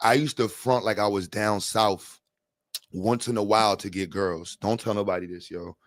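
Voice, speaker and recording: A man's voice: fairly low pitch, fairly even intonation, moderate pace, no echo, studio quality. A man from New York streaming live and chatting casually, joking, cursing and laughing often.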